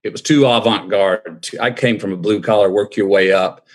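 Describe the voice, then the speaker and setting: A middle-aged man, a guest in an interview, telling his story in a reflective, drawn-out way. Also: on the low side, steady tone.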